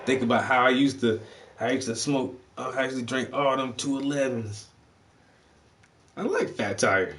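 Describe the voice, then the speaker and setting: A man in casual chat, telling stories full of swearing. He jumps into loud, high-pitched outbursts and then drops back to a low, laid-back voice. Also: a little slow, pauses often. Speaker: livestream host.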